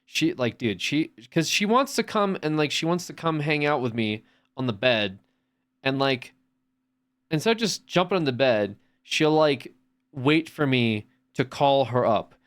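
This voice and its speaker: A man's voice: mid-range voice, animated, unhurried. Rambling streamer man, casual chat. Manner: rambling, swears a lot, many restarts.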